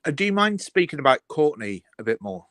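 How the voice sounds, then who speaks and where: A man's voice: a little high, big pitch swings, brisk, fairly bright tone, no room sound. Polite, methodical man caller, dry sound. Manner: methodical, polite, lays out details. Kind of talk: casual call-in chat.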